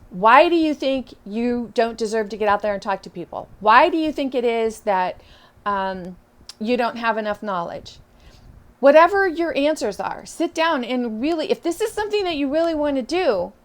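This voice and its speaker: Woman, middle-aged, business coach, motivational talk, encouraging, animated, higher pitch. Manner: encouraging, animated, acts out inner voices.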